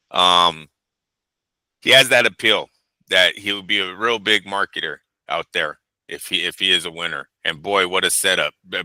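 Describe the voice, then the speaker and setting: Low, sharp-voiced man arguing fight picks. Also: clean tone, no room sound, rough recording. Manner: emphatic, teasing, opinionated. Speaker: boxing show co-host. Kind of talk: casual chat.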